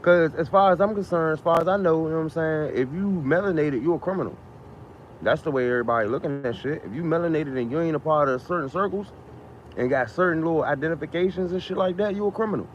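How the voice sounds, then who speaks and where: A man's voice: fairly high pitch, fast. A man ranting casually on a live stream, repeating himself, firing off rhetorical questions and swearing freely. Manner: emphatic, repetitive, rhetorical questions, profane. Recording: muffled lo-fi sound with faint noise.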